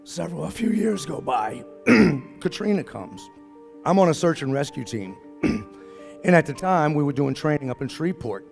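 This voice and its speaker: A middle-aged man with a New Orleans accent tells his story in a folksy way and acts out each voice in the dialogue. His voice has a gravelly, fry-edged texture. Faint music plays under him. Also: on the high side, sing-song, moderate pace, darkish tone. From New Orleans area, Louisiana. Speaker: speaker at a business summit. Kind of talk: storytelling talk.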